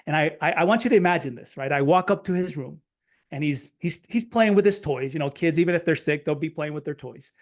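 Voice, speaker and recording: A middle-aged man telling a personal story in a webinar talk, animated, acting out quotes with stammered restarts. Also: on the high side, brisk. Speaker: webinar speaker.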